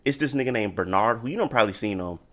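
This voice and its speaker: A man hosting a podcast from Florida, chatting loosely and joking in quick bursts over a call. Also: fairly low pitch, animated, a bit bright. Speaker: podcast host. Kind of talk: casual chat. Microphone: remote call mic.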